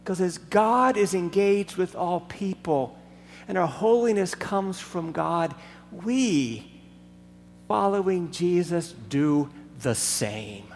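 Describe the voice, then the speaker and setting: A man preaching a sermon, emphatic and deliberate, telling a story to make his point. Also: sits high. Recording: long hall reverb, faint background noise.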